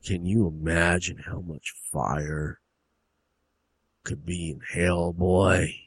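A man voicing a zealous, menacing old hillbilly father who preaches slowly and drags out his words. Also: low-pitched, fairly even intonation, breathy edge, dry recording, pitched below the performer's own voice, full character voice. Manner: slow, drawn-out preaching.

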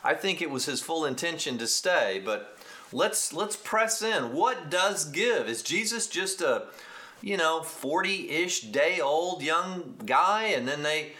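A man with a Texas accent preaching a sermon, teaching in an animated, emphatic way with frequent restarts and asides to the congregation. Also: on the high side, slow. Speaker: pastor.

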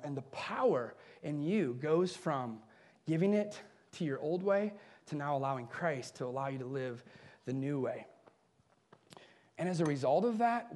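A man preaching a sermon as a pastor, swinging between raised, emphatic bursts and soft, low passages, with a chuckle at his own asides.

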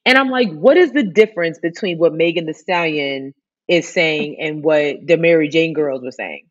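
A woman in casual chat, talking in an animated, rambling way with many fillers. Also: sits low, moderate pace, muffled recording.

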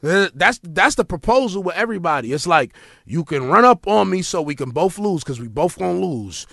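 Animated, gravelly New man. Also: high voice, fairly quick, no room sound, studio quality. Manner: animated, profane, emphatic storytelling. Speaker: podcast guest. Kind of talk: casual podcast conversation.

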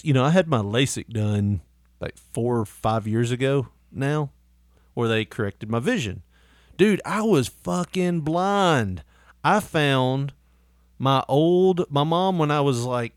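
A man's voice: medium pitch, no echo, clean studio sound. Laughing, swearing man telling stories. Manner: rambling storyteller, swears often, laughs a lot. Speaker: podcast host. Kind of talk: casual chat.

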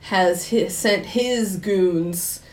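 A woman's voice: medium pitch, extremely slow, darkish tone. A woman co-hosting a movie podcast, chiming in with amused asides. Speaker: podcast co-host. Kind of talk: casual movie recap chat.

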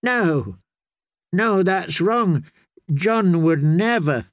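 A man's voice: sits high, animated, extremely slow, no echo, voice pushed up, exaggerated voice. A man voicing a frightened, pleading young man. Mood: disbelieving. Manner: nervous, pleading.

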